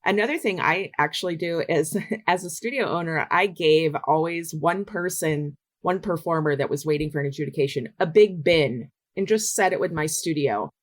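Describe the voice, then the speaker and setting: A middle-aged woman, a dance adjudicator and studio owner, giving measured advice as a podcast guest. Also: deep voice. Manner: measured, advisory.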